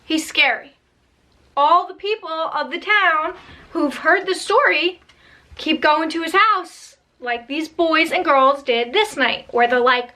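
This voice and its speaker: A woman telling a spooky story in a casual, chatty storytime style, tossing in slangy asides to her viewers. Her voice sits high and sounds bright and sharp. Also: lively intonation, measured pace.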